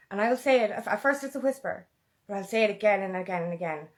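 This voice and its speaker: A woman's voice: medium pitch, fast. A woman empowerment coach talking earnestly and emotionally in a motivational vlog, often repeating a mantra. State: emotional, close to tears.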